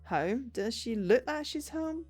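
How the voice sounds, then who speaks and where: A woman's voice: on the high side, expressive, normal speed, a little mellow, faint music behind. A woman voicing a folksy, smug big male bartender spirit in a put-on, exaggerated American drawl, calling people little lady and sweetie while reading a visual novel aloud. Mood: amused.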